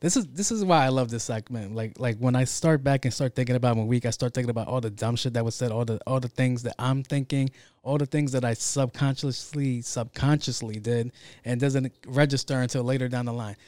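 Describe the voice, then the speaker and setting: A man's voice: mid-range voice, steady tone, a little fast, darkish tone, dry recording, clean studio sound. Profane, laid-back young man. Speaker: podcast host. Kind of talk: casual storytelling monologue.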